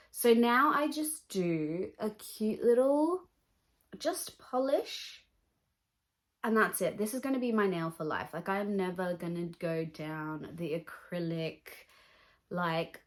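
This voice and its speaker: A woman beauty vlogger chatting through a get-ready-with-me makeup routine. Her voice sits a little low, and she gives blunt, opinionated asides in a casual, talkative way.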